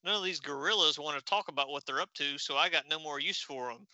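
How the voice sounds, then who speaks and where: A brash, blunt space heroine from a comic book, read out by a man in his own bright voice. She talks straight and tough. The recording is close and dry. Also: low-pitched, quick pace, no room sound, rough recording.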